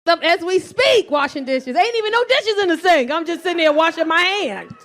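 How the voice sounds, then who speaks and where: A woman's voice: extremely high pitch, expressive, brisk, fairly bright tone. A woman in her forties doing a stand-up comedy set, telling stories in a brash, profane style and laughing often.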